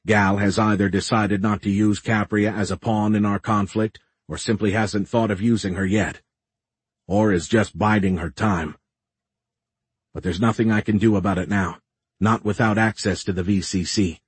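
Brief: male narrator for a first-person sci-fi audiobook, low husky voice, measured and tense. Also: steady tone, no room sound.

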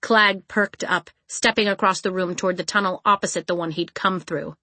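A woman narrating an audiobook in an even, measured storytelling voice. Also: fairly low pitch, dry recording. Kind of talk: scripted narration. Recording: dry close studio recording.

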